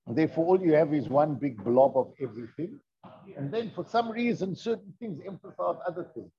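A man's voice: on the high side, animated, a little fast, mellow. A man teaching a Torah lesson, explaining in a conversational way, asking rhetorical questions and mixing in Hebrew terms. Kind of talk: classroom lesson with text reading. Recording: dull lo-fi recording.

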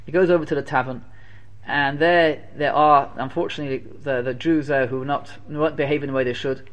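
A man giving a sermon, telling a story with animated repetition and Hebrew and Yiddish terms sprinkled in. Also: mid-range voice, brisk, dull audio. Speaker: preacher telling a Torah story.

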